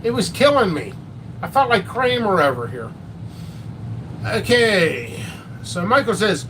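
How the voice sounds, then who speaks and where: A man's voice: high-pitched, recorded from a distance, noisy background. A man hosting a casual live stream about peppers and hot sauce, rambling and joking at his own expense. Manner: rambling, joking, self-mocking.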